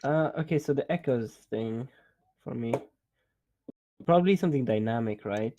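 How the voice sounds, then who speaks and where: A man's voice: mid-range voice, lively intonation, normal speed, warm tone, dull audio. Joking man, tabletop player. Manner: joking, swears, argues his character's case. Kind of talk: casual tabletop game chat.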